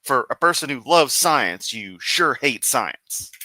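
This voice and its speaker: Male reaction host, sarcastic and rambling, bright forceful tone, dry close recording. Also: medium pitch, lively intonation, slow, no echo. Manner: sarcastic, rambling, talks back to the clip. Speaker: commentary host reacting to clips. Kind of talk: casual reaction commentary.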